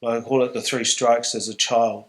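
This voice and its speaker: Captured in a rough recording, a middle-aged man from New Zealand speaks at a moderate pace with a flat, mid-range delivery. As a guest at a live stage Q&A before an audience, he's emotionally open, earnest, and reflective.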